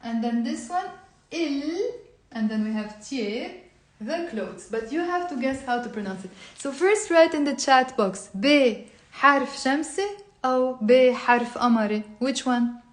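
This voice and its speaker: Lebanese woman, high-pitched, lively language teacher drilling pronunciation live; very reverberant room. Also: normal speed. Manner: drills words aloud, quizzes the chat, mixes English and Arabic. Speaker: Arabic teacher. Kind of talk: live online language lesson. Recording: very echoey room.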